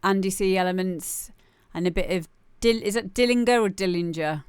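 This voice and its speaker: A young woman hosting a music show, chatting casually and jokily, sometimes bursting into loud shouted mimicry. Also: medium pitch, moderate pace, clean tone, no room sound, clean studio sound. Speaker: radio show host playing listener demos. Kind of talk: casual live-stream chat.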